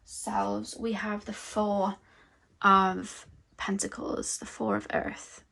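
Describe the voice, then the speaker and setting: A young woman giving a tarot reading, musing slowly and dreamily as she channels messages. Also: medium pitch, level tone, vocal fry, bright, forceful tone, slight background noise. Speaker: tarot reader.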